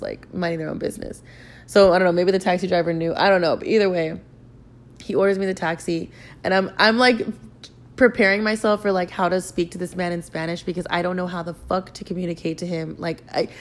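A young woman podcast host casually telling a profane, rambling story, filling her talk with "like". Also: lowish voice. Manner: profane, rambling, heavy use of "like".

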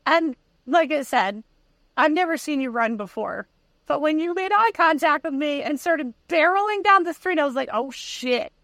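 A young woman co-hosting a podcast, reacting in a quick, playful way in casual chat. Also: high-pitched, animated, a bit bright, no echo. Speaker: podcast co-host.

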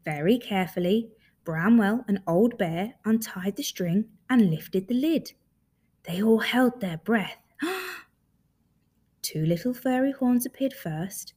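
Expressive woman reading a children's story. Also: medium pitch. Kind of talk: children's story read aloud.

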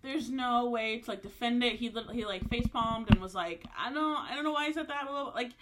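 A woman co-hosting a casual podcast, reacting with quick interjections and some swearing. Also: on the high side, noisy background. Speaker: podcast co-host. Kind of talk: casual chat.

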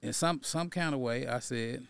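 A man's voice: medium pitch, moderate pace, gravelly, a bit bright, smooth, dry recording. A middle-aged man, a guest and activist, telling a personal story in a conversational way, often tagging his sentences with "right?" and building to an emphatic, preaching tone. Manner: conversational, tags lines with "right?" and "you know". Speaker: podcast guest, activist and educator.

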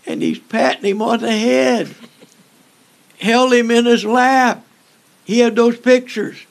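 Older male evangelist, high gravelly voice, slow folksy storytelling, halting fillers. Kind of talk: storytelling in an interview.

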